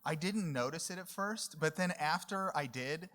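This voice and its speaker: A man in his forties takes the mic at a conference. His voice sits a little high for a man, and he speaks in an easygoing, lightly joking way. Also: moderate pace, fairly bright tone. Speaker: conference presenter. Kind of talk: relaxed conference talk. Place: conference room.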